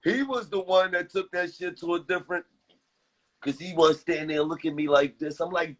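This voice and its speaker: A man's voice: a little high, steady tone, a little fast, rough recording. A man as a guest in a casual talk, animatedly retelling a story with quoted lines and laughter.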